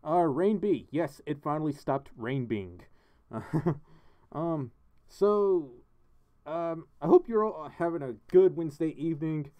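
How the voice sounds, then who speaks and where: A man chats casually on a livestream from his home studio. His voice sits a little high and swings around a lot, and he giggles as he reads chat messages and thanks donors. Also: lively intonation, measured pace, warm tone. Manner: chatty, giggly, reading donations and chat aloud. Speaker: livestream host.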